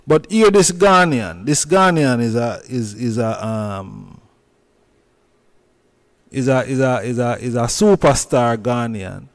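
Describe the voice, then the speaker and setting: A man with a Jamaican accent hosting a casual commentary vlog, repeating himself and stressing his points. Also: medium pitch. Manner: repetitive, emphatic, drawn-out phrasing. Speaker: channel host.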